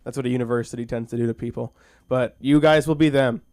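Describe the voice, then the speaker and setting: A man working a small comedy school stage at an open mic, rambling through his set with stops and restarts. His voice comes across smooth and clean, close and dry on a handheld mic. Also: mid-range voice, steady tone, darkish tone, dry recording. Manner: rambling, halting, with frequent restarts; self-deprecating and goofy. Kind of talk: stand-up comedy and recited monologue at an open mic.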